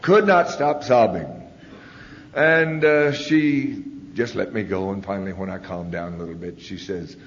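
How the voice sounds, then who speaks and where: A man's voice: fairly low pitch, measured pace. Male speaker, live testimony at a podium mic, candid and folksy; muffled old tape, reverberant hall. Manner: folksy, candid storytelling with fillers. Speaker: speaker sharing his story. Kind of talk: live personal testimony talk. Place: large convention hall. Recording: long hall reverb, dull lo-fi 1990s tape.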